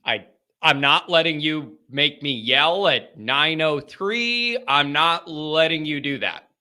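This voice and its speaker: High, bright-voiced exasperated male host. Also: lively intonation, takes it slowly. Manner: exasperated, venting frustration to the chat; rhetorical questions to the audience. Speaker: call-in show host. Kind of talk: live fan call-in show chat.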